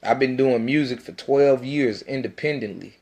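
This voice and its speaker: A man's voice: mid-range voice, moderate pace, a little mellow. A man, an independent rapper, talking in a casual self-recorded monologue that is intense, rambling and full of profanity.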